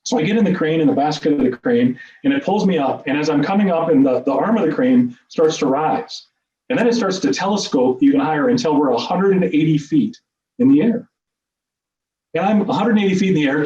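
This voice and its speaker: Fast-talking middle-aged man in an echoey room. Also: a little high. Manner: animated, self-deprecating humor. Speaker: speaker at a meeting. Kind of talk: personal storytelling speech. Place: meeting room. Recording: echoey, distant, dull room sound.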